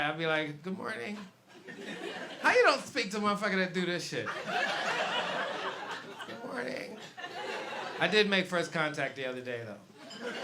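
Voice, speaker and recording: High-voiced stand-up comedian, noisy club. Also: male voice. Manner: storytelling, acts out dialogue, swears freely. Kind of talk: stand-up routine.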